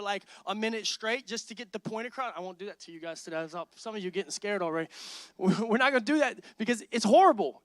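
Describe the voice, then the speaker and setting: A man preaching a sermon as lead pastor, energetic and emphatic, repeating lines and building intensity. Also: very high voice, no echo, clean studio sound. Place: church sanctuary.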